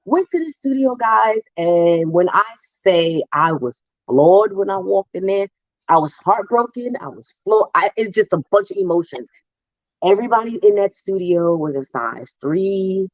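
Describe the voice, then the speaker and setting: A woman from New Jersey telling her story as a guest, animated and acting out voices. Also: fairly low pitch, a little slow, no echo, highs cut off. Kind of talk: storytelling interview.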